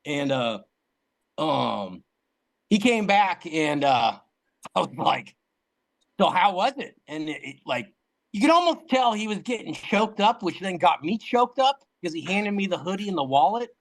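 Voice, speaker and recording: Higher-voiced man telling a rambling story. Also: big pitch swings, unhurried, low-quality recording. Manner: rambling anecdotal telling with many fillers. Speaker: podcast guest. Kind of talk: casual chat, storytelling.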